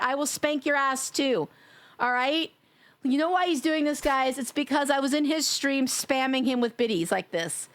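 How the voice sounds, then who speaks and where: A woman's voice: high-pitched, moderate pace. A woman from New York chatting casually and teasingly with her viewers while live-streaming a game, laughing often.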